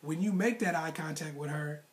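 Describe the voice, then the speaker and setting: Brief: male dating coach, talks straight to camera, casual and slangy, pushes his points hard with repetition, voice sits a bit high. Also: moderate pace. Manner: emphatic, repetitive, motivational. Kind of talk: direct-to-camera advice monologue.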